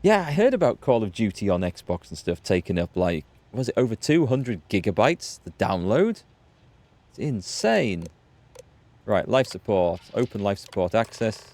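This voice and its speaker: A man's voice: lowish voice, sing-song, normal speed, a little mellow, dry recording. A man hosting a let's play, chatting and laughing through his commentary. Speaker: gaming video host.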